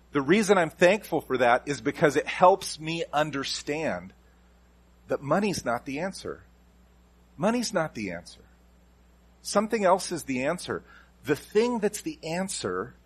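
A man delivers a sermon as a pastor. His voice is husky with a slightly breathy edge. He presses his points hard, repeating key lines and moving the stress from word to word. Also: mid-range voice. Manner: emphatic, repeats key phrases with shifting stress.

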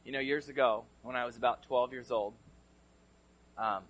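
This male California pastor has a mid-range voice, a steady tone, and a normal speed. During his sermon he tells a story conversationally, his delivery swinging between loud and hushed.

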